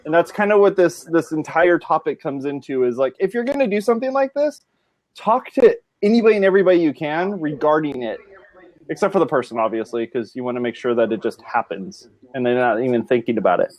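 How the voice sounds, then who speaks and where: Man hosting a podcast, higher-pitched, rambling and relaxed, lots of fillers. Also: a little fast. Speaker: podcast host. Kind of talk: casual panel chat.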